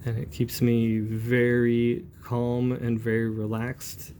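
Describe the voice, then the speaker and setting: A man in his forties talks calmly while he demonstrates brush inking, rambling a little as he works. His voice sits at an ordinary pitch and sounds mellow and warm. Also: slow pace, a little hiss or hum. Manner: relaxed, rambling, calm and chatty. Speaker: comic book inker.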